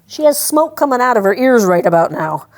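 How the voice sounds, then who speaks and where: A woman's voice: fairly high pitch, big pitch swings, a little fast. A woman training a service dog in a hands-on demonstration, explaining each step in a chatty, practical way and breaking off to give the dog short commands. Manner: talks to veterans directly.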